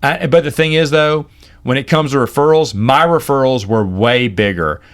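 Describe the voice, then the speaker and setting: A man in his forties casually telling stories from his life as a podcast host, acting out the people in them with big jumps in his voice. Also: moderate pace. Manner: animated, acts out quoted people with big pitch jumps. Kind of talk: casual storytelling.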